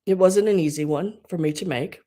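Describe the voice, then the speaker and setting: A woman with a fairly low voice hosts a home live stream while crying. She speaks haltingly, her words breaking off and sinking into soft whispers. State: tearful, crying. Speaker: online live-sale host. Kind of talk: emotional live-stream chat.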